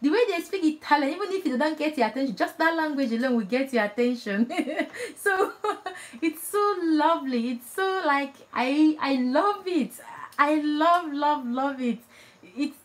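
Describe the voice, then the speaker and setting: A woman from Nigeria with a Nigerian accent, whose first language is Igbo, chatting casually and warmly with live viewers, laughing often and restarting her phrases. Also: high-pitched, expressive, a little slow. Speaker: vlogger.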